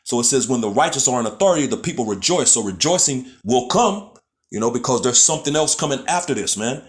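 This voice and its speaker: A man's voice: mid-range voice, lively intonation, fast talker. A man teaching scripture in a loose, casual way, often restarting his phrases and tagging them with "man" and "you know what I'm saying". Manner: restarts and stumbles over words. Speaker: preacher. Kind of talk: street-style scripture teaching.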